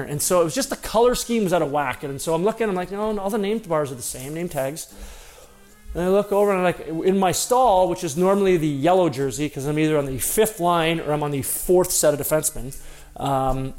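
A man's voice: fairly high pitch, fast, darkish tone, faint music behind. A former hockey player telling a personal story in a casual, conversational way, acting out the dialogue as he goes.

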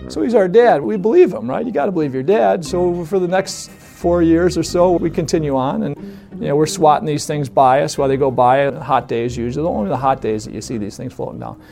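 Gravelly man telling a lively story. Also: fairly high pitch, brisk, soft background music. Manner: animated, laughs often, mimics voices in quotes. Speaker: storyteller guest. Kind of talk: casual anecdote.

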